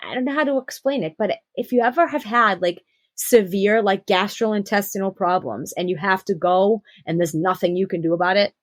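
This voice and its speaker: A young adult woman telling her personal birth story on a podcast, animated and acting out the quotes. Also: mid-range voice, no room sound. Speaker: podcast guest.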